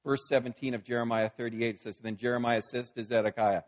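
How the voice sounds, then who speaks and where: A man's voice: mid-range voice, level tone, brisk, few pauses, long reverb tail. A man preaching a sermon in a casual, storytelling way, acting out the scenes he describes. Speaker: pastor.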